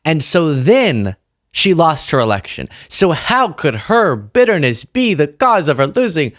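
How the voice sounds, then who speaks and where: A man's voice: a little high, big pitch swings, measured pace, a bit bright, no room sound, studio quality. A man hosting a political commentary show, talking casually with a sarcastic, mocking edge.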